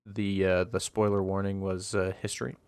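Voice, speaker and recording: Low-voiced man chatting about movies. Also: little pitch movement, moderate pace, a little mellow, clean tone, dry recording. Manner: rambling, retells scenes with silly put-on voices. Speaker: podcast co-host. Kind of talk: casual movie chat.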